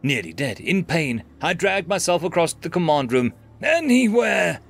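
A man's voice: a little high, lively intonation, normal speed. A man narrating a scripted science fiction story in a dramatic, dry manner.

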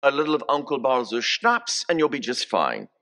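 A man in his sixties, a bishop, preaches in a church with a pushed, bright, medium-pitched voice that swings hugely in pitch. He tells family stories at a slow pace and encourages the congregation to repeat his greetings.

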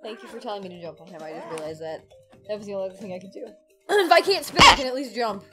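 A woman streaming a video game, talking casually to her viewers, with frequent loud outbursts and a lot of swearing. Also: medium pitch, expressive, fast, soft background music. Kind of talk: casual let's-play commentary.

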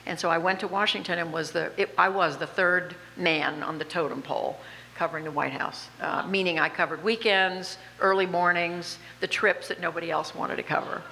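A woman in her seventies with a slight Southern accent, telling lively, self-deprecating stories as an honored guest on stage. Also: low voice, normal speed, creaky. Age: 70s. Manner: animated, self-deprecating anecdotes with frequent laughs. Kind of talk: on-stage interview storytelling. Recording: reverberant hall with faint background noise.

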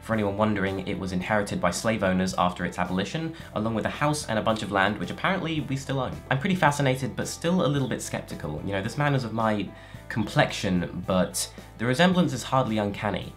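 A man telling a personal story about his first trip alone in a quick, conversational way. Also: lowish voice, expressive, fairly bright tone, soft background music.

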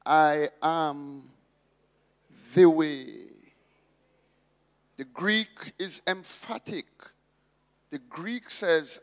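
A man's voice: a little high, drawn-out words, big-room sound. A man preaching a sermon as pastor, emphatic and repeating his key phrases.

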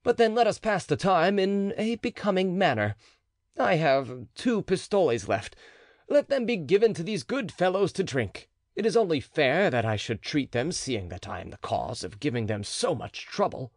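A man's voice: a little high, big pitch swings, normal speed, dry recording, studio quality, voice pushed up. A man voicing a breezy, roguish nobleman held prisoner, talking in a free and easy way. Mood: generous. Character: jaunty, roguish male marquis prisoner.

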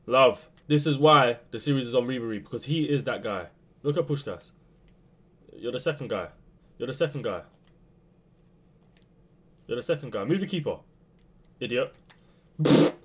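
A young man commentating his own football video game match, swinging between low muttering and sudden shouts. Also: moderate pace, pauses often, breathy edge. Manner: excitable, swings from muttering to yelling. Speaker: gaming youtuber. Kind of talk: live gameplay commentary.

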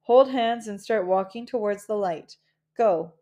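A woman reading the part of a steady older boy who directs the other children, in a calm, commanding way. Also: mid-range voice, measured pace, lightly acted.

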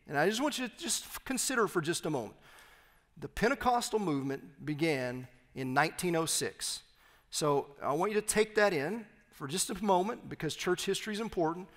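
A man's voice: on the high side, a bit bright. A man with a Texan accent, a pastor giving an emphatic teaching sermon with humorous asides in a church. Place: church sanctuary. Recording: long hall reverb.

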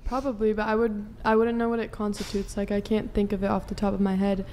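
A woman in a discussion clip, explaining her view haltingly with many fillers. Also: mid-range voice, little pitch movement, darkish tone, a little hiss or hum.

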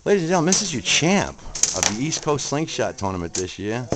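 A man's voice: mid-range voice, big pitch swings, fast, a loud crowd. A middle-aged man with a New Jersey accent, casually chatting and joking as he films around an outdoor shooting range. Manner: chatty, jokey, friendly banter. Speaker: event host filming a tournament. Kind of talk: casual walk-around narration. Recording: noisy outdoor camera audio.

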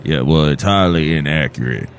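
Disgruntled fiddler, a man doing it: very deep, gruff and blunt. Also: normal speed. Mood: grumpy. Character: grumpy disgruntled fiddle player.

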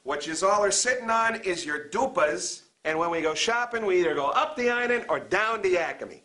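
A man's voice: high-pitched, lively intonation, sharp tone. A man playing a bossy teacher who lectures on a local dialect in a comedy sketch. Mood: lecturing. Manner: deliberate, exaggerated lecturing delivery. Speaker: teacher of a comic dialect class.

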